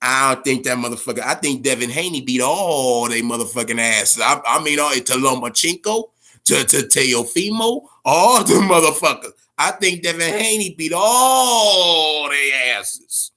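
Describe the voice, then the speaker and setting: A man hosting a boxing talk show, ranting in a profane, casual way, stammering and swinging between a low grumble and loud outbursts. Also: unhurried. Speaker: boxing podcast host.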